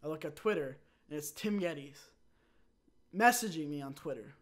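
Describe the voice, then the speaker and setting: A young man hosting his own channel, telling a rambling personal story in a casual, animated way and acting out quotes. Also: on the high side. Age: young adult. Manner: animated, rambling, with quick restarts and acted-out quotes. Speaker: channel host.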